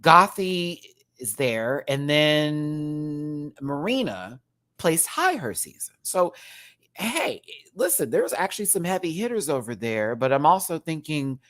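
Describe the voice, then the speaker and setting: A man giving a casual rant-style review of a show, sassy and animated, laughing often and slipping into mock voices. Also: fairly high pitch, slow.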